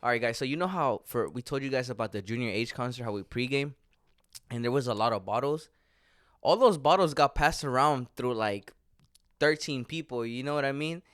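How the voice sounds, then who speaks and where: A man's voice: mid-range voice, lively intonation, a little fast, a bit bright, smooth, no room sound, studio quality. A young man co-hosting a podcast, telling stories in a casual, joking way and laughing often. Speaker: podcast co-host. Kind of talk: casual chat.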